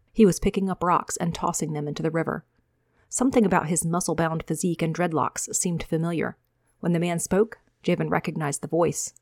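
A woman author reads from her own fantasy novel in a steady, measured storytelling voice pitched a little low. The recording is dry and close, with no echo.

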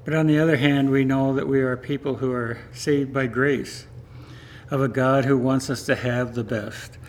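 Gentle man preaching a sermon. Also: mid-range voice, a little hiss or hum. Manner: calm, gentle preaching with short phrases. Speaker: pastor.

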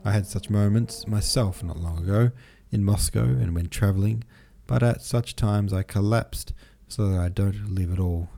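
Earnest troubled young nobleman read by a man, low mellow voice, pleading. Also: normal speed, vocal fry, hardly any pauses.

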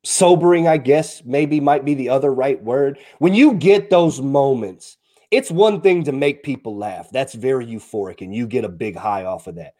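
A man's voice: medium pitch, normal speed, dark tone. A man co-hosting a casual chat, reflective and searching for the right words.

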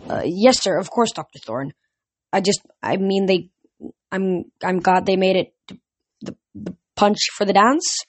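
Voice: mid-range voice, a little slow, no echo, lightly acted. A reader voicing a nervous, breathless boy who stammers, in a storybook reading.

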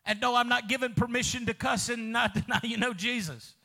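A man pastor, preaching a fervent sermon, calling out to the congregation, with sudden shouts and soft drops. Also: very high voice, steady tone, brisk, creaky. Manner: calls out to congregation.

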